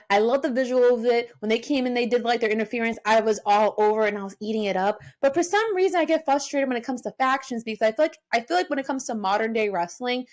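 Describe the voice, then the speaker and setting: A young woman co-hosting a podcast in casual chat, animated and swearing freely as she acts out her reactions. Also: on the high side. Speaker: podcast co-host.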